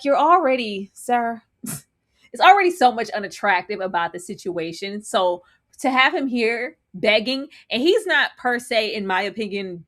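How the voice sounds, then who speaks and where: A woman co-hosting a reality TV review show in casual chat, animated and full of exaggerated disgust. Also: mid-range voice.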